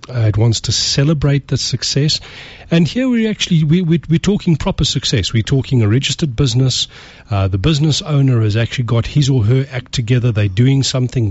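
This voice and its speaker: A man's voice: mid-range voice, husky, dry recording, muffled recording. A man co-hosting a radio talk show, earnest and motivational, often repeating words as he presses a point. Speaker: radio co-host.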